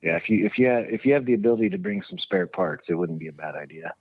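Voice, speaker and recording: A guest with a low, gravelly voice gives plain, practical advice in a matter-of-fact way. The recording is dry and close-miked. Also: male voice, huge pitch swings, fast, darkish tone, no echo, rough recording. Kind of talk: casual podcast interview.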